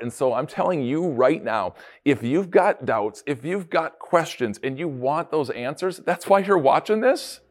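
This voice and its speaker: A male pastor giving a devotional podcast talk, telling the story in an animated way and acting out quotes. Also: moderate pace. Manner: animated storytelling, acts out quotes with big pitch jumps.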